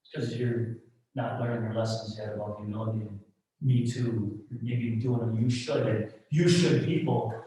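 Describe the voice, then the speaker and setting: A middle-aged male pastor preaching a sermon in a church, talking frankly and conversationally, dropping to soft asides and rising to loud emphatic peaks. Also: fairly low pitch, fairly even intonation, moderate pace. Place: church sanctuary. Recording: roomy echo, mic at a distance.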